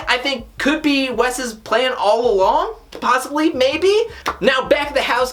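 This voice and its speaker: A woman's voice: on the high side, a bit bright. Woman reviewer, chatty recap voice, opinionated, exasperated asides, rambling run-on delivery. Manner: opinionated, exasperated rhetorical questions. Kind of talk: casual episode recap and commentary.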